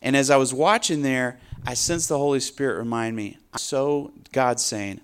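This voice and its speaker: A man's voice: medium pitch, normal speed, few pauses, clear, resonant tone. A man preaching a sermon, delivering rising, emphatic appeals and closing in prayer. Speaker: pastor.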